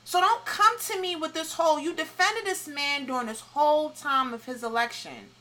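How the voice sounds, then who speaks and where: A woman co-hosting a podcast, blunt and animated in casual chat, with frequent laughs. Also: sits high, moderate pace, poor audio. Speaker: podcast co-host.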